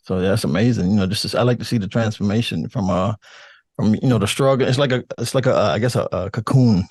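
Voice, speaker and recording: Older man, deep calm radio voice, low pitch, relaxed guest chat, dry close sound. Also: dry recording. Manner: relaxed, laughing, halting restarts. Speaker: podcast guest. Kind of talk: casual interview chat.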